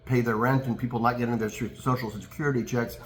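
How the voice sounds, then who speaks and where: A man co-hosting a casual political chat, speaking in a measured way with fillers and turning sarcastic. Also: mid-range voice, fairly even intonation. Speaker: podcast co-host.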